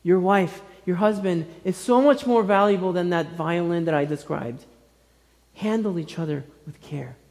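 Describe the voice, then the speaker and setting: A man in his thirties delivers a sermon with a fairly high voice. He speaks gently and earnestly, in short phrases with many pauses. His words ring out with a long echo through a church hall. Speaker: pastor. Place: church sanctuary.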